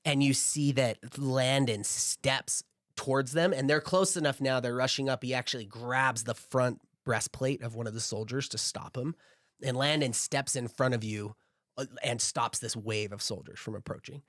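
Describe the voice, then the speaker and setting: A male game master narrating a tabletop game, loose and casual in his delivery. His voice sits at an average pitch. The sound is dry, with almost no room around it. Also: moderate pace, fairly bright tone, no room sound.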